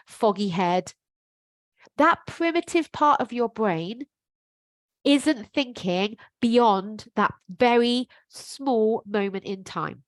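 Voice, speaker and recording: A woman's voice: mid-range voice, no room sound. A middle-aged woman, a life coach, giving a frank, emphatic motivational talk to camera with some casual swearing.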